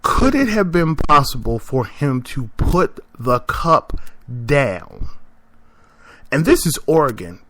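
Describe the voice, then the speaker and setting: A man's voice: mid-range voice, big pitch swings, takes it slowly, pushed and bright. A man hosting a podcast, telling a story in a casual monologue, emphatic and repeating himself as he makes his point. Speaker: podcast host.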